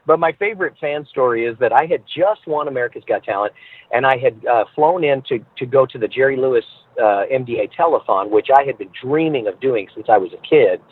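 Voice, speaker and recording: A man being interviewed as a guest, telling stories with animated, acted-out voices, heard over a phone line. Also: mid-range voice, a little fast, slightly rough, no echo. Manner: animated storyteller who acts out voices. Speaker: guest entertainer. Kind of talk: podcast interview, storytelling.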